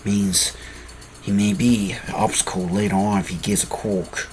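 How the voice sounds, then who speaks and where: A man voicing a calculating male villain who broods in a low mutter about a rival growing stronger. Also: flat delivery, a little slow, a little hiss or hum, lightly acted. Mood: brooding.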